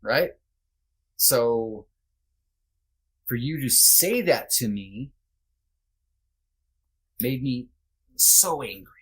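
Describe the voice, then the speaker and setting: A man's voice: medium pitch, lively intonation, extremely slow, pauses often, a bit bright, husky. A man guest on a podcast, candidly telling a personal story in a loose, conversational way, blunt and sometimes swearing. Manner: loose and conversational, with many fillers.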